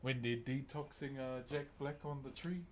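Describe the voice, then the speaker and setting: A man's voice: mid-range voice, steady tone, normal speed, darkish tone. A young man chatting casually on a live stream, laid-back and slangy, laughing often.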